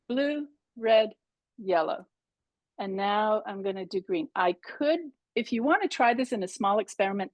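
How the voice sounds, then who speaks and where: A woman's voice: mid-range voice, no echo, lo-fi sound. A middle-aged woman teaching a painting workshop over a video call, chatting and thinking aloud as she works. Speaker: pastel art instructor. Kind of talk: live online painting demonstration.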